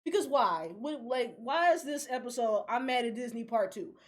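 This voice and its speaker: Brief: young woman, high voice, animated profane rants, podcast co-host. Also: normal speed. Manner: animated, ranting, laughs often, profane. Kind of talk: casual podcast chat.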